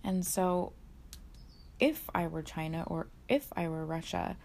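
Earnest woman, gravelly low voice. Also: expressive, unhurried, darkish tone. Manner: earnest, emphatic, quotes kids in high voices. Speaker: religious commentator. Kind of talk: casual monologue on prophecy.

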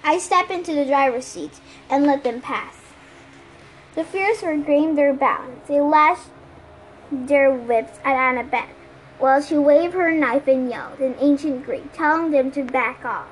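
A woman reading a novel aloud as an amateur audiobook reader, lively, putting on voices for the quotes. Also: sits high, a little slow, a little hiss or hum, low-quality recording.

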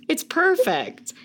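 A woman's voice: high-pitched, noisy background. A young woman co-hosting a podcast, recapping a movie in casual chat, swearing, laughing often and acting out the characters' lines. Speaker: podcast co-host.

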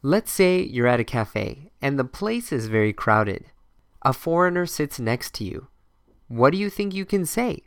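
A man teaching English phrases in a scripted podcast lesson, modeling each phrase clearly for learners to repeat. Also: fairly high pitch, expressive, a little slow, a bit bright, no echo, clean studio sound.

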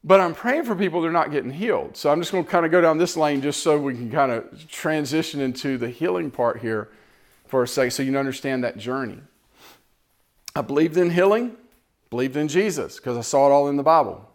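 Man, preacher, storytelling sermon, animated, slightly high-pitched voice. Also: brisk. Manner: animated, acts out quoted exchanges.

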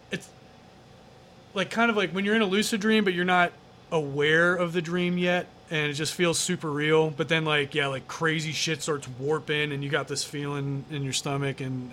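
Bright, rambling man telling stories. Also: fairly high pitch, steady tone, normal speed, a little hiss or hum. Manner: rambling, heavy on fillers and swearing. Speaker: interview guest. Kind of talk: casual storytelling.

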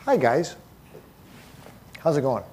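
A man imitating a low-energy presenter who talks in a flat, slow, subdued way. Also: slightly rough, exaggerated voice. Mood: listless. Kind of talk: mock presentation.

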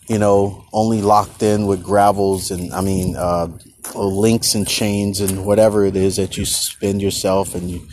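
A man's voice: fairly low pitch, darkish tone, a little hiss or hum. A middle-aged man hosting a casual podcast, rambling loosely outdoors on a bike trail, restarting and repeating words. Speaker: podcast host.

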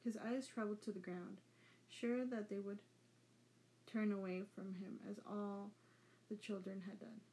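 A woman's voice: medium pitch, steady tone, unhurried, pauses often, warm tone, a little hiss or hum, poor audio. A woman hosting a podcast, reading fan fiction aloud with casual asides. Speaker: podcast host.

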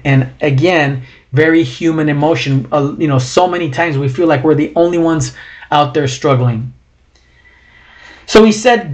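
A man's voice: a little high, normal speed, a little mellow. A man preaching a sermon, reading scripture with feeling and breaking into conversational asides.

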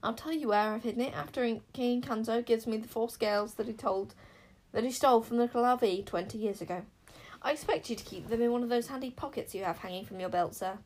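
Brisk, courteous young bodyguard, quick-witted, from a woman storyteller. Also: fairly high pitch, darkish tone, lightly acted. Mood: brisk polite. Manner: brisk and polite.

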